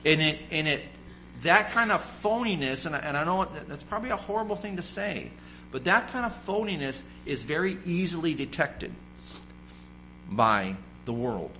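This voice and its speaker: Bright-voiced man preaching emphatically. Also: a little high, sing-song, normal speed, a little hiss or hum. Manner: emphatic, repetitive, rhetorical questions. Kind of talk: sermon.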